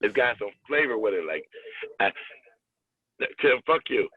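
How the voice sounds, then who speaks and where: A man's voice: on the low side, expressive, a little slow, slight background noise. A man calling in as a guest comedian, chatting casually in a slangy, rambling way and repeating himself. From Springfield, Massachusetts. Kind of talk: casual chat. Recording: tinny dry phone line.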